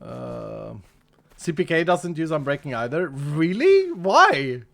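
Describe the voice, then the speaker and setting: A man's voice: on the high side, sing-song, takes it slowly, creaky, a bit bright. A man streaming a game live, thinking aloud and answering his chat in easy commentary. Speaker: streamer playing a modded block game.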